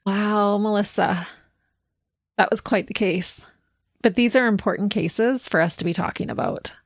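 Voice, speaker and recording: A woman's voice: mid-range voice, unhurried, dry recording, clean studio sound. Laughing woman podcast co-host. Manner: chatty and laughing. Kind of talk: casual podcast chat.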